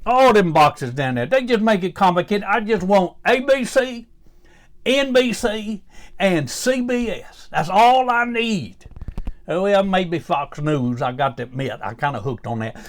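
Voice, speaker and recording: A man's voice: high voice, animated, unhurried. A man playing a cranky older grandpa with a Southern Louisiana accent, ranting in a folksy, grumbling, exasperated comic monologue. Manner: folksy, grumbling, exasperated, rising to indignant outbursts. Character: cranky old Southern grandpa fed up with gadgets.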